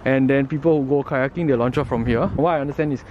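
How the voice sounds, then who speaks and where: Singaporean guy vlogging round town, jokey and chatty, loud street noise behind. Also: medium pitch, narrow, tinny audio. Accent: Singaporean English. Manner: chatty and jokey, quick to laugh. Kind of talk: casual vlog narration. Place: out and about in city streets and shops. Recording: noisy outdoor street recording.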